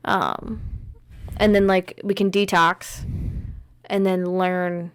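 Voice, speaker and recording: A woman's voice: on the low side, flat delivery, takes it slowly, smooth. A woman in her thirties co-hosting a podcast, chatting casually and telling stories with plenty of "like" fillers. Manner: chatty storyteller, lots of "like" fillers. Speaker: podcast co-host. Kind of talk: casual chat.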